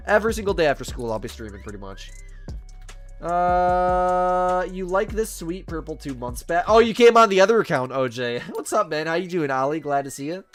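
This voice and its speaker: A man's voice: sits high, expressive, moderate pace, soft background music. A man hosting a live game stream, casually chatting with viewers and reading their messages in a chummy, laid-back way. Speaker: livestream host.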